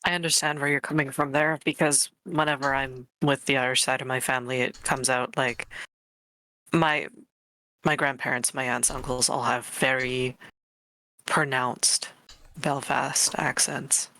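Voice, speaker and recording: A woman with a rural Canadian accent in casual chat, animated and swearing freely. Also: extremely low pitch, measured pace, rough recording.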